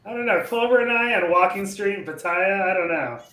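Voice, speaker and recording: A man with a fairly high voice trading crude jokes in casual livestream banter. His voice rings in a roomy echo. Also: brisk, bright, forceful tone. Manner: joking, crude.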